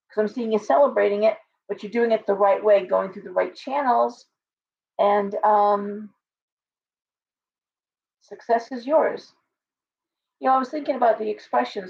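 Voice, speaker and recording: A woman's voice: mid-range voice, vocal fry, a little mellow. A woman giving a casual live tarot reading, blunt and chatty, full of asides and restarts. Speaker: tarot reader. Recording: distant, dull lo-fi sound.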